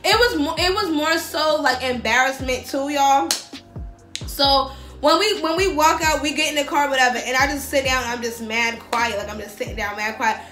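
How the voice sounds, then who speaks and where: A young woman, telling a story on her vlog in a slangy, profane, animated way. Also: high-pitched, moderate pace. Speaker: vlogger. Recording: echoey room with faint music.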